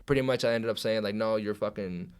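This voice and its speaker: A man's voice: fairly low pitch, fast, smooth. A young man, a guest on a podcast, telling a story in casual, profane chat and acting out what others said. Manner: profane, animated, acts out quoted dialogue. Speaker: podcast guest, pro wrestler.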